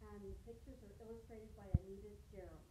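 A woman librarian reading a children's picture book aloud in a friendly, brisk storytelling way. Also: medium pitch, fairly even intonation, very noisy. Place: library room. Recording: roomy echo.

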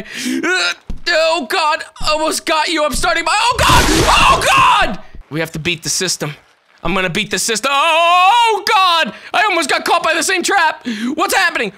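A man giving let's-play commentary, excitable, yelling, swearing and laughing as he plays. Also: extremely high pitch. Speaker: gaming YouTuber. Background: game music.

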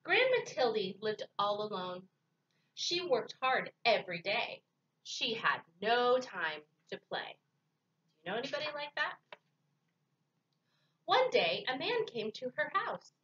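A woman reads picture books to young listeners with a bright, lively lilt that rises and dips through each page. Her voice sits a little high. The recording is slightly dull, with faint noise in the background. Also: a little slow, long pauses, far from the mic. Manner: warm, expressive reading to children. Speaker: children's librarian. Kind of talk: children's storytime read-aloud.

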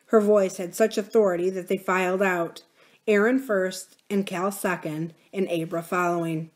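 A woman's voice: on the low side, steady tone, normal speed. A woman reading a novel aloud for a library series, lifting her voice for the characters' lines. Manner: gives characters' lines a raised, livelier voice. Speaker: library reader.

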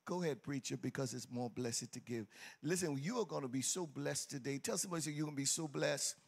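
A man, preaching a lively sermon and calling out to his congregation in a teasing, sing-song way. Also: mid-range voice, fast talker, gravelly, breathy edge. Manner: exuberant, teasing, sing-song, calls out to the crowd. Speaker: pastor. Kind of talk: lively church sermon with congregation call-and-response. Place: church sanctuary with congregation. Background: faint crowd of churchgoers.

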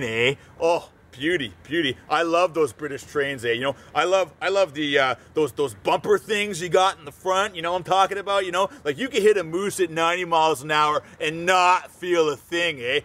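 A man's voice: fairly high pitch, a bit bright. A man putting on a folksy, rambling stereotype of a Canadian guy who drawls and ends his lines with "eh".

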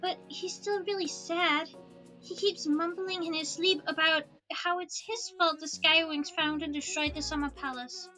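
A woman voicing a kind, gentle young female dragon in a storybook reading, soft, earnest and a little higher. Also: fairly even intonation, measured pace, soft background music, exaggerated voice, poor audio. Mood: worried.

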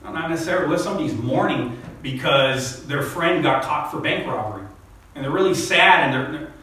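A man's voice: on the high side, lively intonation, fairly quick, bright, forceful tone, recorded from a distance, slight background noise. A male pastor preaching a sermon, rising to emphatic peaks and often asking "right?" as he talks. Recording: echoey hall, speaker off-mic.

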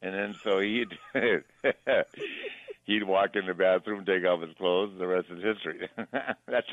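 A man's voice: low voice, level tone, measured pace, dry recording, narrow, tinny audio. An older man hosting a podcast, rambling through chuckling anecdotes in casual chat. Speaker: podcast host.

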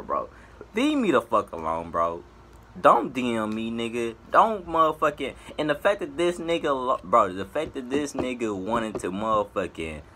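A man with a bright, forceful voice rants to his viewers in an exasperated, profane vlog. His pitch climbs high and drops low again as he vents, and a faint hiss sits under it. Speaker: vlogger. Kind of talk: ranting to camera.

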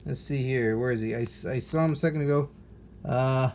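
A man's voice: mid-range voice, brisk, darkish tone, slight background noise. A man hosting a toy unboxing, chatting casually with playful jokes and asides. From United States.

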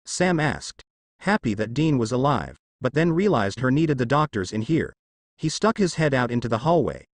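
A man narrates a fanfiction audiobook in a plain, steady reading. His pitch moves in a lively way, and the recording is dry and close. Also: moderate pace, no echo.

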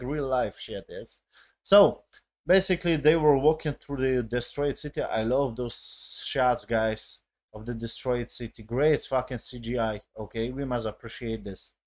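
Swearing excitable male reviewer. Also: mid-range voice. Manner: excitable, heavy swearing, frequent tag questions. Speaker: video reviewer. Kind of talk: casual spoken review.

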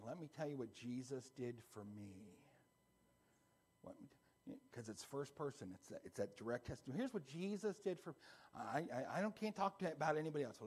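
A man pastor preaching a conversational sermon that builds into a loud, fervent closing prayer. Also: mid-range voice, husky. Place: church sanctuary.

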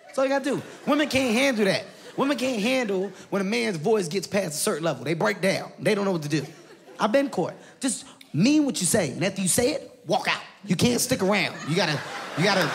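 A man doing stand-up comedy, brash and loud, swinging into shouts. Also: high voice, expressive, brisk, a little hiss or hum. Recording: live show with laughing audience.

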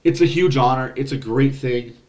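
A man hosting a post-game hockey recap podcast, excitable and blunt, swearing freely. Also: mid-range voice, normal speed. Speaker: podcast host.

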